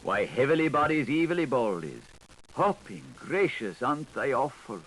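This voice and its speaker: A man reading an unabridged literary audiobook in a lilting, sing-song recitation with wide swings in loudness. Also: medium pitch, big pitch swings, normal speed, rough recording. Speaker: audiobook narrator. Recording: 1980s studio tape, faint hiss.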